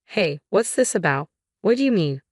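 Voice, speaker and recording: A woman's voice: medium pitch, big pitch swings, normal speed, no room sound, clean studio sound. A woman voicing an arrogant, sexist office husband who speaks in a dismissive, condescending way. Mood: flustered.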